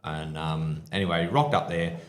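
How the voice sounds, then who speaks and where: At a live show in a pub venue with an audience, a former police officer and podcast co-host tells stories in a rambling way, restarting often and slipping into quoted voices. His voice is low-pitched at normal speed, with a roomy sound and a little hiss or hum.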